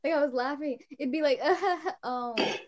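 A woman's voice: high voice, moderate pace, a little mellow, muffled recording. A teenage girl chatting casually on a podcast, telling a story full of giggles and bursts of laughter. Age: teens. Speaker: podcast co-host. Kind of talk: casual chat.

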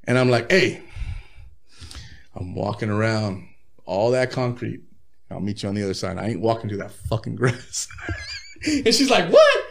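A man's voice: lowish voice, moderate pace, gravelly, pauses often. A man, a rapper guest in his thirties, telling profane, laid-back stories with frequent laughs in a casual interview.

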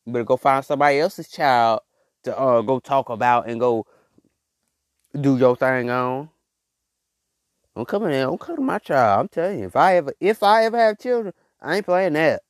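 A man's voice: mid-range voice, lively intonation, moderate pace, dry recording, clean studio sound. A man and father hosting a motivational monologue, emphatic and repetitive, in casual slang. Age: adult father. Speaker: podcast host.

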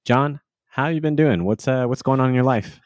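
A man's voice: medium pitch, normal speed, no room sound, studio quality. A man hosting a board game podcast in a playful, teasing, rambling way, with many restarts. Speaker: podcast host. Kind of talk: casual podcast chat.

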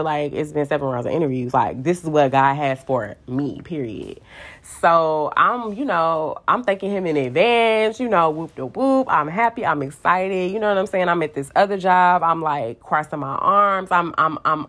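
Sassy low-voiced woman sharing faith. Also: moderate pace. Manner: sassy, animated storytelling with slang and quoted voices. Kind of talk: casual faith talk.

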